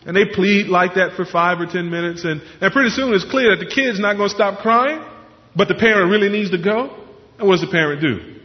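A pastor preaching a sermon, explaining scripture earnestly and posing questions to the congregation. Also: male voice, sits high, fairly quick. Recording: muffled sound with long hall reverb.

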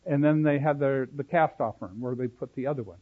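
A man's voice: medium pitch, a little fast, breathy edge. A man teaching a Bible study lecture, explaining at length, drifting into side notes and correcting himself as he goes. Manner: explanatory, digressive, self-correcting. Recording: tinny phone-like sound.

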